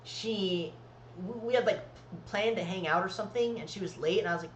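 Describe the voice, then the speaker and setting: A man's voice: high voice, a little fast, echoey room, slight background noise, rough recording. A man co-hosting a podcast, telling long, rambling stories full of swearing in casual chat. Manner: rambling, profane, storytelling. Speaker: podcast co-host.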